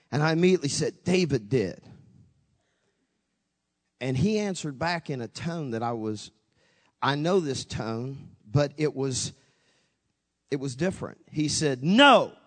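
A man's voice: mid-range voice, big-room sound. A pastor preaching a sermon, telling a story with dramatic swings, acting out both his own voice and God's. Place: church sanctuary.

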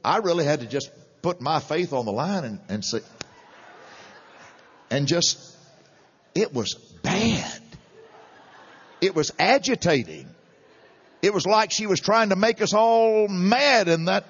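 A middle-aged man preaching a sermon, animated and chuckling between points. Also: high voice, slow, long pauses, slightly rough, long reverb tail. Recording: dull lo-fi sermon recording.

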